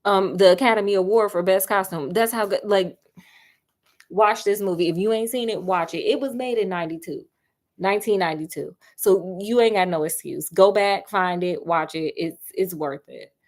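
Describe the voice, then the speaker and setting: A woman chatting casually about a film with lots of asides, talking straight to her viewers while she does crafts at home. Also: mid-range voice. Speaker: film reviewer.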